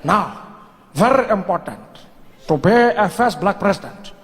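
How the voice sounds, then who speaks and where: A man voicing a grave old statesman who speaks slowly and deliberately, with weighty pauses. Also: high voice, lively intonation, fairly bright tone, in a large hall. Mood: solemn. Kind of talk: stand-up character voice.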